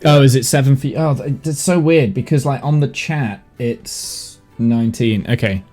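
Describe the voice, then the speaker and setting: A man playing in a tabletop game, chatting casually in a lively way. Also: medium pitch, normal speed, faint music behind. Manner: lively, chatty, laughs easily. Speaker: player.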